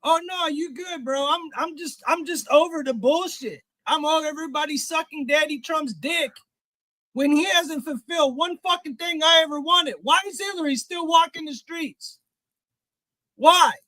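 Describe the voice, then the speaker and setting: A man hosting a live stream, ranting in a heated, profane way and often shouting. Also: very high voice, moderate pace, no room sound. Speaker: livestream host. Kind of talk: profane live reaction rant.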